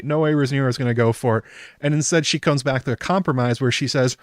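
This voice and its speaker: A man's voice: medium pitch, brisk, clear, resonant tone, dry recording, clean studio sound. A man hosting a casual solo aftershow, chatty and incredulous, laughing often and filling gaps with ums. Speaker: YouTube aftershow host. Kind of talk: casual solo reaction commentary.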